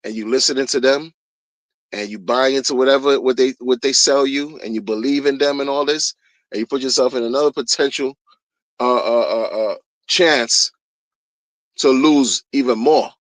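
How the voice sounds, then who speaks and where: A man's voice: medium pitch, fairly even intonation, brisk, dry recording. Male streamer, blunt slangy rant, repetitive, recorded close and dry. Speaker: crypto streamer. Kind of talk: casual rant.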